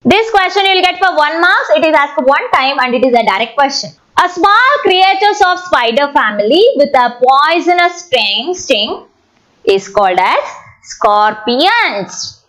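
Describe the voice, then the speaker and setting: Woman teacher, exam-prep grammar lesson, unhurried and repetitive, high animated pitch. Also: low-quality recording. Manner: slow, repetitive, stretches words when sounding out syllables.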